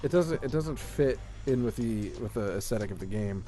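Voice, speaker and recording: A man co-hosting a casual gaming podcast, rambling with lots of fillers and getting excited about what he likes. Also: fairly low pitch, normal speed, soft background music. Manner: rambling, filler-heavy, enthusiastic. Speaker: podcast co-host. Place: home room with a shelf of collectibles.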